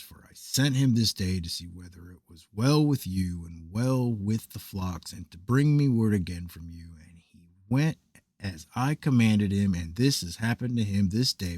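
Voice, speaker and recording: A man's voice: fairly low pitch, animated, breathy edge, dry recording, studio quality. Man voicing a grief-stricken old father. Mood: anguished. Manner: slow mournful lament, voice dropping very soft. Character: grieving old father, wailing for his son.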